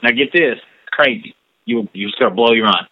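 A man's voice: medium pitch, fairly quick, dry recording, muffled recording. A man joking in a casual chat, defending himself in mock outrage. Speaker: podcast co-host. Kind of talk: casual banter.

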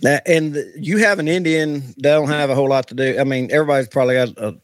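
A man's voice: fairly high pitch, fast, dry recording. A man co-hosting a podcast in casual chat, rambling with many fillers. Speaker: podcast co-host.

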